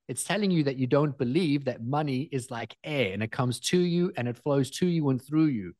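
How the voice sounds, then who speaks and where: Man, motivational storyteller, earnest, emphatic, repeats phrases, mid pitch, dry close sound. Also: no room sound.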